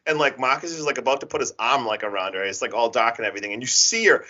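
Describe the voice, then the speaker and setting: A man's voice: mid-range voice, very fast, bright, forceful tone, muffled recording, a little hiss or hum. A man co-hosting a podcast, chatting casually and animatedly as he retells a slasher movie, laughing and acting out scenes. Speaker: podcast co-host. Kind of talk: casual chat recapping a movie.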